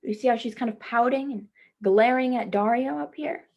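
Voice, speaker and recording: Husky woman reading a picture book aloud. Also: a little high, moderate pace, lo-fi sound. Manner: gentle, asks the listeners questions; speaks to children as "friends". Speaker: teacher reading aloud to children. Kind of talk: children's read-aloud.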